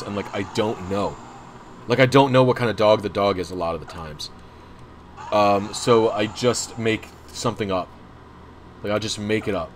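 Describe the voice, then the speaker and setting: Young guy on stream, kinda low voice, rambles and roasts himself a lot. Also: normal speed, slight background noise. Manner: rambling and self-deprecating. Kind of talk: casual livestream chat.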